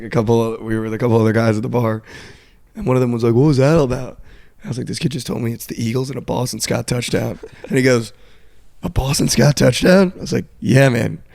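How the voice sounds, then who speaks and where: A young man co-hosting a podcast, telling a story in a casual, animated way and swearing now and then. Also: mid-range voice, fast, creaky, no room sound, clean studio sound. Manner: animated storyteller, swears, quotes people flatly. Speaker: podcast co-host. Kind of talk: casual sports betting chat.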